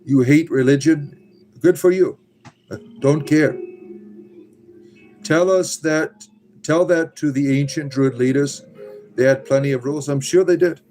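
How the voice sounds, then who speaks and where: Soft music plays behind a livestream host with a fairly high, mellow voice who talks a little slowly and leaves long pauses. He reads out chat comments and responds with blunt sarcasm, swearing freely in this casual stream.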